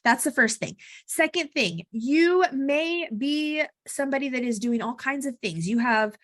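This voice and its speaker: A woman's voice: high voice, lively intonation, measured pace, no echo, clean studio sound. A woman giving casual marketing advice to camera, chatty and blunt, with frequent asides. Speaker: marketing coach. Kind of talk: casual talking-head vlog advice.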